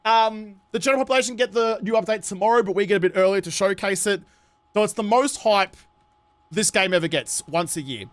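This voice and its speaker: A young Australian man chats through a gaming stream in a high voice. He sounds worn out and tired, but keeps up a jokey, self-mocking patter. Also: fairly quick. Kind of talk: casual live-stream chat.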